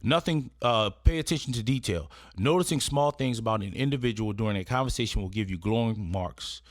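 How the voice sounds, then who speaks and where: This etiquette presenter has a fairly low voice and a fairly quick delivery. Partly reading, he teaches in a casual, conversational style and often asks "right?", captured in studio quality without room sound.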